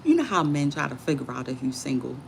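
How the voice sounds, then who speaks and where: A woman from the Bronx, reading affirmations and telling a casual story in a lively, slangy way, often laughing. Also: very deep voice, fast talker, gravelly, slight background noise. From the Bronx, New York.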